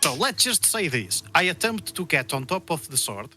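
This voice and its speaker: A man playing a tabletop game, animated and playful as he acts out his character. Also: a little high, moderate pace. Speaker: player. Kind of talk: casual chat in a tabletop game.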